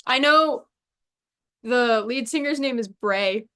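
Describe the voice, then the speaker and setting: A young woman co-hosting a podcast, swapping stories in relaxed conversation. Her voice is somewhat high and animated, with quick asides and easy laughs. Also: smooth. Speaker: podcast co-host. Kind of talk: casual chat.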